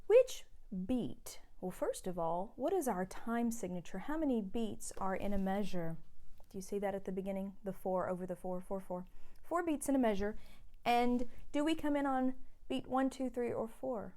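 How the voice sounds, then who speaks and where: A woman's voice: mid-range voice, moderate pace, dark tone. A woman who teaches middle school choir, patiently explaining a song to her students and singing lines for them to echo. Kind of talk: recorded music lesson for students.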